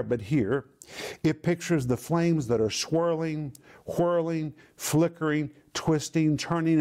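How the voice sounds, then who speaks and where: A man with a voice pitched a little above most men teaches a sermon and works through the meanings of Greek words. He speaks with emphasis and piles up repeated words for effect. He slows right down to stretch out the key phrases. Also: mellow. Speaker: Bible teacher.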